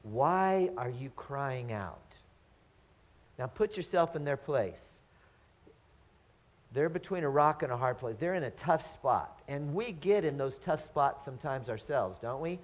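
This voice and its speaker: A man's voice: fairly high pitch, lively intonation, normal speed. A middle-aged man preaching a sermon to his congregation. He speaks earnestly, often poses rhetorical questions and restarts his phrases. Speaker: pastor. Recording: dull lo-fi sermon recording.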